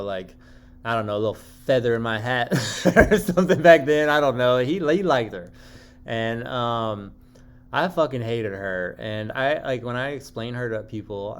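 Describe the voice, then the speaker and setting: A man's voice: lowish voice, a little hiss or hum. A man talking into the camera in a casual personal monologue, rambling and candid, with lots of fillers and swearing. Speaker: vlogger.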